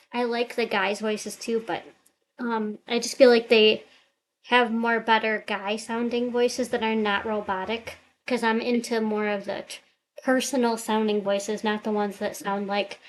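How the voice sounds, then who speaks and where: A woman's voice: a little high, poor audio. A woman vlogger chatting casually to camera, thinking aloud in an upbeat, rambling way, recorded on a computer webcam mic.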